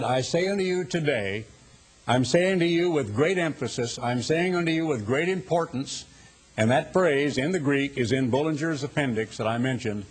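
Husky older man preaching with slow emphasis. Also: a little high. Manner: deliberate, emphatic, slows down to stress key words. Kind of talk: sermon.

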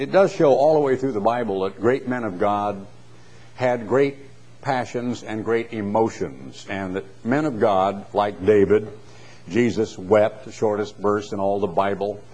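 A man teaching through a Bible passage, reading verses aloud with rising emphasis and then explaining them in relaxed asides. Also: on the low side.

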